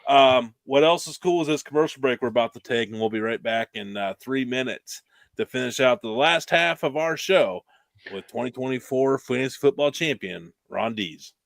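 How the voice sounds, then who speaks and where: A man's voice: medium pitch, animated, normal speed, vocal fry, no room sound. A man hosting a podcast in casual chat, piling up "like" and restarts as he tells a story. His voice sits in the middle range, recorded close and dry. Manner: rambling storyteller, lots of "like" and restarts. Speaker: podcast host.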